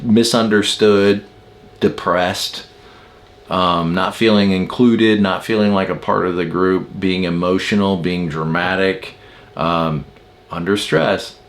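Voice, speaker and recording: A man's voice: sits low, fairly even intonation, slow. A man giving a casual spoken lesson on personality types, musing aloud and asking rhetorical questions as he explains. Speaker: personality-type teacher.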